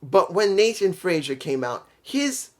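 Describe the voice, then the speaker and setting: A man talks through a wrestling review in a casual, blunt way. His voice sits a little higher than most men's, and he hammers each point home and repeats it for emphasis. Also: sing-song, a little slow. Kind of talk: casual opinionated review monologue.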